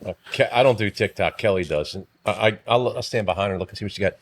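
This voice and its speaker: A man's voice: fairly low pitch, fast talker. A man in his fifties co-hosting a podcast, telling teasing stories in a casual chat. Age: 50s. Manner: animated storyteller, teasing. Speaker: podcast co-host.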